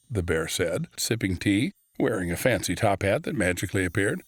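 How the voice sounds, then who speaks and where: A man reading a children's storybook aloud with expressive, dramatic storytelling. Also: low-pitched, moderate pace, few pauses, husky, no echo, studio quality. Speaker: storybook narrator.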